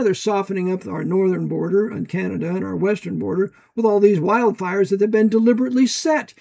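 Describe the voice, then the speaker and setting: An American man giving an emphatic, preachy monologue and reading passages aloud from a book, often rising to loud bursts. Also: high-pitched, creaky. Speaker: commentator.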